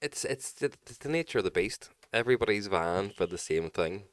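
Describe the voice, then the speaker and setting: Man, very deep voice, dry close mic, sweary casual storyteller. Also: a little fast, no echo. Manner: swears freely, animated storytelling with loud quoted voices. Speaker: podcast co-host.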